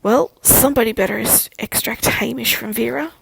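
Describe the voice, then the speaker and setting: A woman voicing an awkward, fumbling young male werewolf knight, with a gravelly, husky voice. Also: a little high, normal speed, no echo, heavily acted, rough recording. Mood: suggesting.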